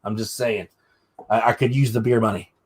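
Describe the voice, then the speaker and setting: A man's voice: on the low side, fairly even intonation, moderate pace, breathy edge. A young adult man hosting a casual livestream, joking with guests and showing products. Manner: chatty, joking, shows products. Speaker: livestream host.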